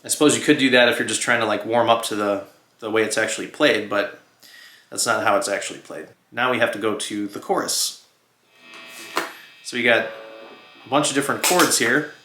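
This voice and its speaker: A man teaching a guitar lesson in a relaxed, chatty way, humming and counting out strum rhythms as he plays. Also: on the low side, brisk, pauses often. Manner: relaxed, chatty, sings and hums rhythms while playing. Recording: roomy sound with loud guitar playing. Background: his own electric guitar.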